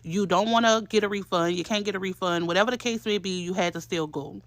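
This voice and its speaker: A woman delivers a blunt, profane, scolding rant straight to camera. Her voice has a gravelly fry. The sound is dry and close. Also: medium pitch, fast, dry recording. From New Orleans, USA. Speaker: commentator.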